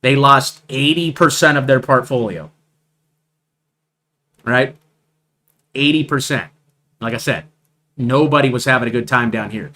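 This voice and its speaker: Male stream host doing casual chart commentary, bright, forceful tone, keeps hammering the same point. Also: medium pitch, a little slow, pauses often. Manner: emphatic, repeats points, asks "right?" often. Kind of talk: live market commentary over charts.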